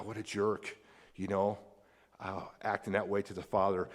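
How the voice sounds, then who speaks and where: An American man preaching a sermon as a pastor, animated and acting out the people in the story with big jumps in voice. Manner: animated, acts out quoted characters with big pitch jumps. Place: church sanctuary. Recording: long hall reverb.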